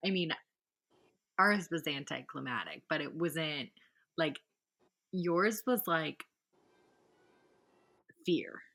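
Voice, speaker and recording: Slow bright-voiced woman. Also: low voice, expressive. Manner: sympathetic, chatty. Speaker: podcast co-host. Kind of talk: casual chat.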